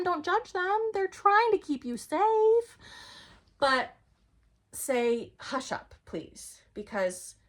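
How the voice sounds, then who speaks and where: Young woman, mid-pitched, chatty self-help vlogger, earnest and rambling, heavy on fillers. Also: fairly bright tone. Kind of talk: casual self-help talk to camera.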